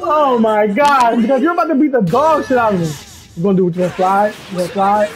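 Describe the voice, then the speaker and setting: A young woman loudly commentating her own gameplay, cursing and yelling at her opponents. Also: a little high, lively intonation, quick pace, crowd noise. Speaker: gaming streamer. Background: game music.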